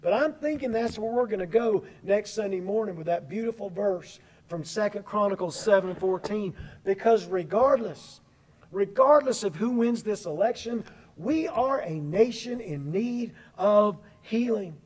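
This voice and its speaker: Earnest high-voiced preacher, mellow tone. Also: male voice, expressive, rough recording. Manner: earnest, emphatic, slows down on key words. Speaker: pastor. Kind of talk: sermon. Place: church sanctuary.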